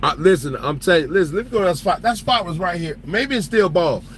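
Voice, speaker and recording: A man's voice: high voice, animated, quick pace, slight background noise, low-quality recording. A man who drives trucks, telling stories in loose casual chat, joking and laughing as he talks. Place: truck cab.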